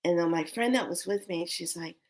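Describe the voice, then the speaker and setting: A woman telling an emotional personal story, earnest and intense, sometimes dropping to a hushed whisper and sometimes rising in anger. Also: fairly low pitch, a little fast. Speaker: storyteller recounting a loss.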